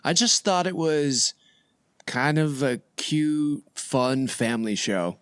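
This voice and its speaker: A man's voice: fairly high pitch, slow, a bit bright, clear, resonant tone, no echo, studio quality. A man in his thirties co-hosting a casual podcast, easygoing and joking. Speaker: podcast co-host. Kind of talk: casual chat.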